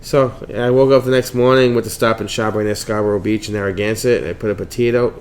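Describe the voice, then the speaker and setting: A man's voice: lowish voice, fairly even intonation, fast, darkish tone, a little hiss or hum. A man hosting a casual podcast chat, joking around and telling a tall tale with quoted voices. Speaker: podcast host.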